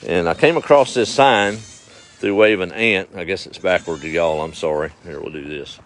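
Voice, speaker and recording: Man, middle-aged, low voice, folksy drawl, chuckling, outdoor phone livestream, faint traffic noise. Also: normal speed, a bit bright. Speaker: livestream host. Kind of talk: casual live chat reading viewer comments. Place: outdoors at dusk.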